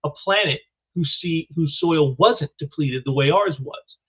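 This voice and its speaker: A man's voice: fairly high pitch, unhurried, fairly bright tone, slightly rough. A man reading aloud the lines of a stern telepathic alien insect queen, on a dull lo-fi recording.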